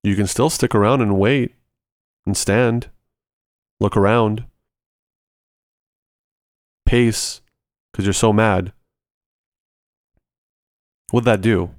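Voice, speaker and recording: A man's voice: lowish voice, fairly even intonation, slow, long pauses, no room sound, studio quality. A man hosting a ministry podcast, teaching in a conversational way and walking through everyday examples step by step, repeating short phrases for emphasis.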